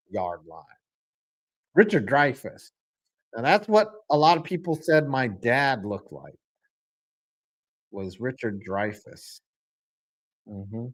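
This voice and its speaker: A man's voice: medium pitch, very animated, takes it slowly, long pauses, fairly bright tone. A man hosting a live football reaction stream, joking with chat and calling plays in a rambling, self-deprecating way. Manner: rambling, joking banter mixed with play-by-play. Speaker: stream host.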